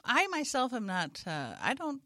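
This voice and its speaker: A woman's voice: fairly high pitch, wildly swooping pitch, moderate pace, bright, forceful tone, dry recording, clean studio sound. A woman in casual chat on a podcast, reacting with short quips and questions.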